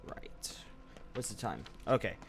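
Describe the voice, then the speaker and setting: A man streams a video game live, chatting casually, swearing freely and muttering asides to himself. His low, sing-song voice is whispered with vocal fry, moving at a measured pace.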